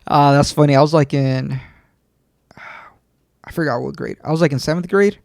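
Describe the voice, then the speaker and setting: A man's voice: on the high side, moderate pace, vocal fry, darkish tone, no echo, studio quality. A man in his twenties co-hosting a podcast, telling stories in loose, profane casual talk. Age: 20s. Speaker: podcast co-host. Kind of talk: casual chat.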